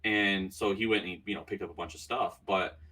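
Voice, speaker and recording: A man's voice: sits low, fairly even intonation, brisk, pushed and bright, recorded from a distance. A man telling stories in a casual podcast chat, rambling with many fillers and restarts. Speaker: podcast guest.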